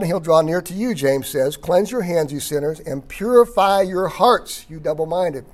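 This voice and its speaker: A man teaching a Bible study lecture, reading passages aloud, stressing key words and often clearing his throat. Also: on the high side, expressive, moderate pace, hardly any pauses. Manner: emphatic on key words, occasional chuckle.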